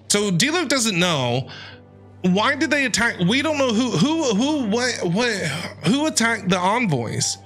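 A man giving excitable reaction commentary while reading a manga, firing off questions and exclamations. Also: extremely high pitch, unhurried, soft background music. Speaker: streamer, content creator.

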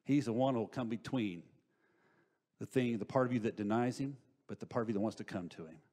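A middle-aged man preaching a sermon in church. He asks rhetorical questions and moves between loud, emphatic lines and hushed asides. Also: medium pitch, brisk. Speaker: pastor. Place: church sanctuary.

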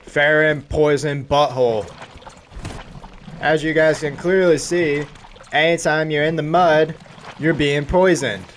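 A man's voice: fairly high pitch, a little hiss or hum. Goofy young man commenting on a game. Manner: goofy, joking, bursts of excited yelps. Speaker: gaming YouTuber. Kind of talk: let's play commentary.

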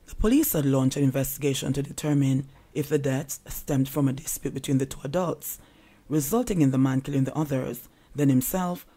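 A man reading crime news in a steady, measured scripted delivery. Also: mid-range voice. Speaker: news reader.

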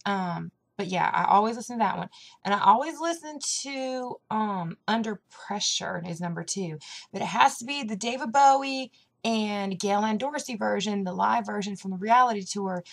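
A young woman with a thick Southern country accent chats in a loose, rambling way, filling her talk with little fillers. Her voice has a gravelly edge of fry under a middle pitch. She sounds hyper and caffeinated as she vlogs. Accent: American Southern country. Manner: chatty and rambling, with lots of fillers. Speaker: vlogger. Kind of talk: casual chat.

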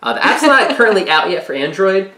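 A man's voice: high-pitched, sing-song, brisk, pushed and bright. Man explaining a board game, echoey room. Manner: enthusiastic, rambling, filler-heavy. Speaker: board game show host. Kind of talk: casual chat about game rules.

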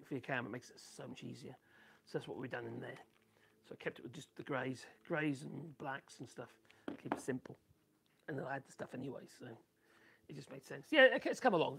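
A man with a Norfolk accent and a raspy, coarse voice, rambling casually on a live stream and reading out viewer comments. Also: medium pitch, fairly bright tone, a little hiss or hum. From Norfolk, England. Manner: rambling and chatty, many ums and restarts. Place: home workshop.

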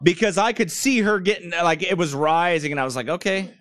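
A man's voice: high voice, animated, fairly quick, a bit bright, dry recording. A man preaching a sermon while seated, blunt and mocking, wandering off into stories. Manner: blunt, mocking, digressive preaching with put-on quoted voices. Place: church room, speaker seated.

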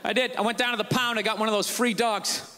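A man's voice: sits high, fairly even intonation, fast talker, noisy background. Ranting, sarcastic man doing stand-up. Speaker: stand-up comedian. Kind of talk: stand-up comedy. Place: comedy stage before live audience. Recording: live show with crowd laughter. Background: audience laughter and ambience.

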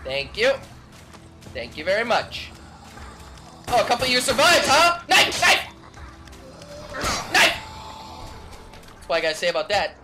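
A young man hosting a let's play, excitable and shouting trash talk at enemies. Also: high-pitched, brisk, pauses often. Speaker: gaming channel host. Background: game music and sound effects.

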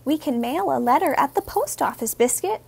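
A woman, a teacher, reading a children's picture book aloud in a gentle, expressive, sing-song way. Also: sits high, moderate pace, vocal fry, a little hiss or hum.

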